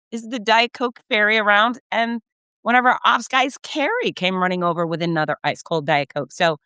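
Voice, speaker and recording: A middle-aged woman, a race announcer, telling effusive, animated stories in a casual recap and acting out the quotes. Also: medium pitch, clean tone, dry recording. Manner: effusive, animated storyteller who acts out quotes. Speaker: race announcer and podcast host.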